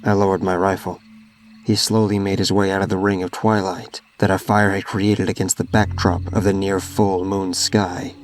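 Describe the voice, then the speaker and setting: A man with a low voice narrates a horror story in a steady, measured, rather flat way. Crickets and insects chirp faintly in the background. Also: a little hiss or hum. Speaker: guest story reader.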